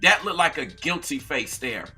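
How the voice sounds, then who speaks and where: A man hosting a live-stream commentary, his voice sharp and bright and sitting a little high. He talks straight to his viewers in an emphatic, preachy way, hammering points home through repetition. Faint music runs underneath. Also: sing-song, normal speed, slightly rough. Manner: conversational, addresses viewers directly. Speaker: commentary channel host.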